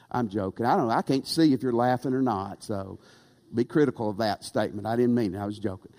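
A man preaching a sermon, animated and rhetorical, asking the congregation for amens. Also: fairly low pitch, normal speed, long pauses. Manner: animated, rhetorical, calls for amen. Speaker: pastor. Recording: long reverb of a church hall.

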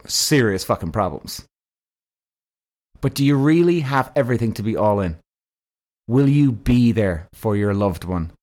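Blunt, profane podcast host. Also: male voice, fairly low pitch, a little mellow. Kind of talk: casual monologue.

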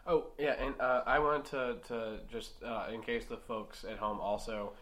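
A man co-hosting an improv comedy podcast, loud, profane and laughing a lot. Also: mid-range voice, fairly even intonation, measured pace. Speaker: podcast co-host.

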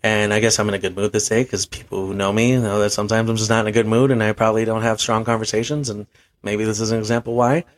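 A young man with a fairly low voice tells a long, rambling story, swearing freely and laughing at his own awkwardness. He talks like a bartender chatting on his own podcast. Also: little pitch movement, fast talker. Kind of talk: casual storytelling monologue.

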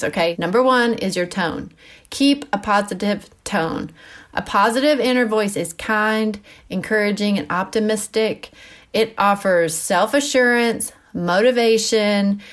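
Chatty woman hosting a faith podcast. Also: medium pitch. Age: mother of middle schoolers. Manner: chatty and animated, with frequent asides and "like" fillers. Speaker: podcast host. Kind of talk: casual Christian teaching podcast.

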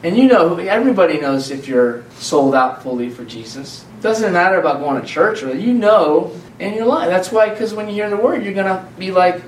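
A man's voice: high-pitched, lively intonation, normal speed, few pauses, a little hiss or hum. A man preaching an informal sermon to a congregation, talking conversationally with repeated phrases and restarts. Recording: echoey room from far off.

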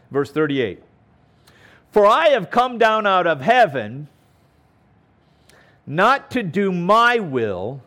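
A pastor teaches through a Bible passage in a slow, deliberate sermon, his voice rising and falling with lots of movement. He is a man with a slightly high voice who leans hard on repeated words for emphasis and keeps asking his listeners "okay?". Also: fairly bright tone.

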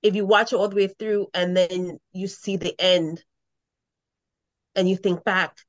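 A woman's voice: mid-range voice, fairly even intonation, unhurried, dry recording. A woman co-hosting a casual podcast, adding short clarifying remarks while discussing an episode. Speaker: podcast co-host. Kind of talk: casual chat about an episode. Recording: dull, lo-fi mic.

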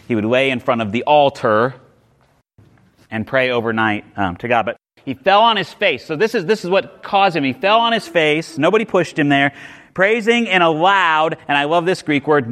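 A man's voice: a little high, fairly bright tone. Man preaching an emphatic sermon. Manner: emphatic preaching, repeats words and restarts phrases. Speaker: pastor.

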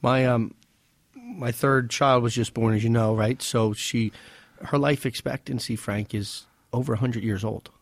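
A man's voice: mid-range voice, fairly even intonation, measured pace, no echo. Man explaining finances in a dry, close sound. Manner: explanatory, conversational, asks rhetorical questions. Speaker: financial advisor and show co-host. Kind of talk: casual radio-show talk.

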